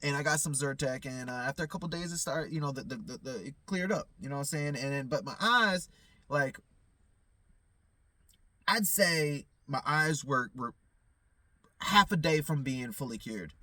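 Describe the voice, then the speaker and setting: Man, vlog monologue, casual and profane, bright sharp tone, rambling with restarts. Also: mid-range voice, moderate pace, no room sound. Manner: profane, loose, repeats "you know what I'm saying"; loses his train of thought, stammers restarts. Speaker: vlogger.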